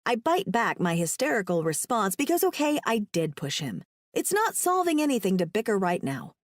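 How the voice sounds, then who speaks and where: Expressive young woman narrating a romance audiobook. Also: moderate pace, no echo, clean studio sound. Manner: emotive, voices the heroine's panic in a higher pitch.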